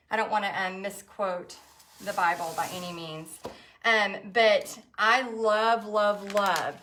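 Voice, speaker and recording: A woman's voice: medium pitch, pushed and bright. A woman, chatting in a rambling, emotional way with many fillers while she paints live for viewers. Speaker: painting instructor hosting a live stream.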